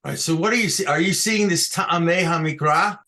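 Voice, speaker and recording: Fairly high and fairly quick, this man's voice sounds pushed and bright through his computer mic. He's giving an online lesson on chanting scripture by video call, walking students through it patiently and frequently making sure they keep up.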